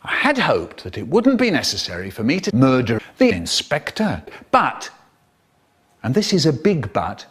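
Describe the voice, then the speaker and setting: Animated male storyteller with a lively voice. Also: medium pitch, moderate pace, slightly rough. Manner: dramatic, with big swings between loud and hushed.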